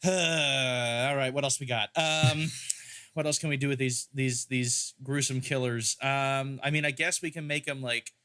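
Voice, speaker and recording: Brief: bright, forceful man, rambling comic podcast banter. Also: mid-range voice, fairly even intonation, measured pace, clean tone. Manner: rambling, joking riffs. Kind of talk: casual podcast chat.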